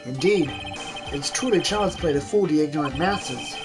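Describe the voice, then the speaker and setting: A woman's voice: sits low, expressive, moderate pace. A woman voicing a smug, arrogant male detective with an oily, self-satisfied drawl, over game music.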